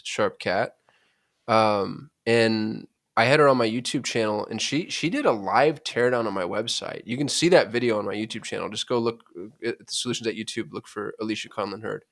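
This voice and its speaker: An American man co-hosting a podcast, bantering and joking. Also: fairly low pitch. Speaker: podcast co-host. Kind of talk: casual podcast chat.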